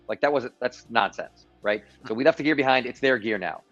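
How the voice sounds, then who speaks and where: A man's voice: mid-range voice, a little fast, hardly any pauses, soft background music. Guy doing opinionated live stream commentary, cocky and sarcastic, kinda muffled audio. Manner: emphatic, self-assured, sarcastic asides. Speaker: show host. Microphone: live-stream mic.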